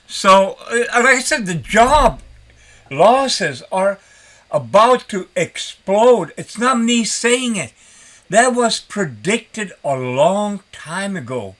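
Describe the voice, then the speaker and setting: A retired older man rambling in a folksy, animated way as he talks to his vlog audience. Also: sits high, takes it slowly. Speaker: vlogger. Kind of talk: casual vlog talk.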